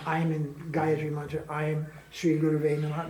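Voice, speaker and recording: A man's voice: on the high side, steady tone, a little fast, hardly any pauses, darkish tone, slight background noise. A man giving an informal spiritual class, joking, laughing often and imitating how people chant. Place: ashram class room. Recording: echoey room with faint background ambience.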